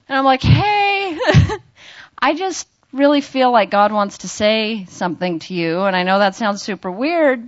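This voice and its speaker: A woman's voice: mid-range voice, no echo. A young woman shares a church testimony in a chatty, self-mocking way, laughing often and acting out what she said. The sound is dry and close, with a slightly dull, muffled tone. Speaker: church member sharing a testimony.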